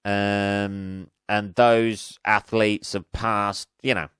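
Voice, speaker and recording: A man's voice: fairly low pitch, level tone, drawn-out words, a bit bright, clean tone, no echo, studio quality. A man hosting a solo podcast, ranting casually with lots of swearing and sarcasm, laughing at his own jokes. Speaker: podcast host.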